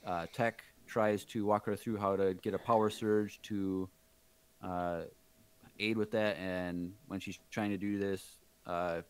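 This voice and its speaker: Smooth low-voiced man recapping casually. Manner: rambling recap with fillers, reading from notes. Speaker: podcast co-host recapping the episode. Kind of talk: casual chat. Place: home.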